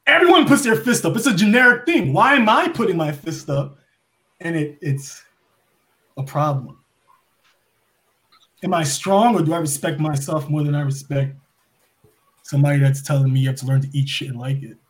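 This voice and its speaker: A man from New York giving an impassioned monologue full of rhetorical questions, swinging between loud and soft as a podcast guest. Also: a little high, normal speed, pauses often.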